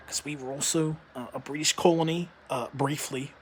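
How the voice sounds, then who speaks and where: A man's voice: a little high, fairly even intonation, normal speed, hardly any pauses, slight background noise. A man with an Australian accent doing a comedic vlog monologue, talking in a rambling, hesitant, mock-earnest way with lots of filler sounds. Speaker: vlogger.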